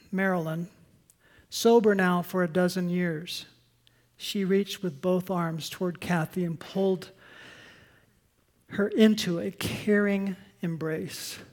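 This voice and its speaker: Woman pastor, sermon delivery, unhurried pace, earnest and emphatic, softening for stories. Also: fairly low pitch. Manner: earnest, emphatic preaching that drops to soft, quiet storytelling.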